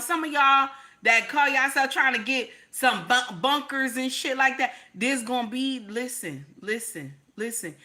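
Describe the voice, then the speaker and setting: A woman's voice: high-pitched, a little slow, bright, forceful tone. An American woman hosting a live stream, ranting to viewers in a profane, emphatic way and repeating her points. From United States. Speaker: livestream host.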